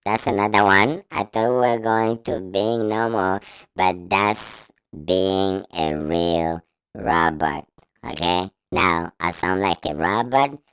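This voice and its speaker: A man's voice: sits low, slow pace, a bit bright, clear, resonant tone, no room sound. A man reviewing audio gear, speaking through a robot voice-changer effect, matter-of-fact. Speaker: product reviewer.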